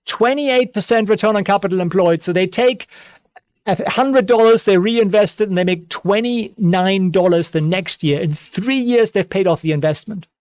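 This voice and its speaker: Excitable man hosting a stock channel. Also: high voice, normal speed, clean tone, no echo. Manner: excitable, joking asides, frequent repeats. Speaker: investing channel host. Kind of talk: casual stock analysis commentary.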